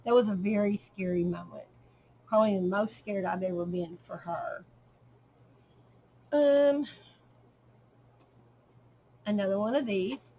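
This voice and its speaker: Soft-spoken middle-aged woman, casual. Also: mid-range voice, a little hiss or hum, poor audio. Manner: unhurried, with frequent ums and trailing pauses. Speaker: crafter showing a handmade journal. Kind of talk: casual show-and-tell narration.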